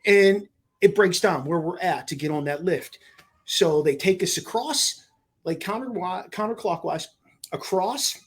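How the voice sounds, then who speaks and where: Husky high-voiced man telling a story. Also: unhurried. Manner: animated storyteller acting out quoted exchanges. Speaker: podcast co-host. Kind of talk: casual storytelling chat.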